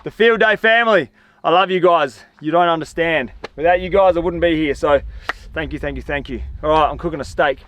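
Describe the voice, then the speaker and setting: A man with an Australian accent vlogging outdoors in the desert, talking in a chatty, slangy, excitable way. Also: a little high, fairly quick, highs cut off, a little hiss or hum. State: tired. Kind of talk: casual outdoor vlog talk. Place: outdoors in desert dunes and scrub.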